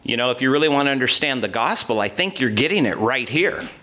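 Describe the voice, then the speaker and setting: A man's voice: mid-range voice, expressive, fast, bright, forceful tone. A man preaching a conversational sermon, reading scripture and asking the listeners questions. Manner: conversational, with fillers and asides to listeners. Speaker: pastor.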